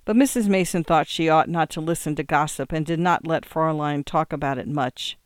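An audiobook reader narrates a novel in an even, measured way. The voice is smooth and clean, recorded close and dry. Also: medium pitch, no room sound.

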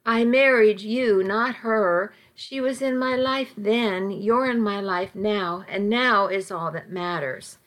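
A woman reading the lines of an apologetic, defensive middle-aged husband in an audiobook, in a soft, even voice. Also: medium pitch, slow pace, hardly any pauses. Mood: reassuring.

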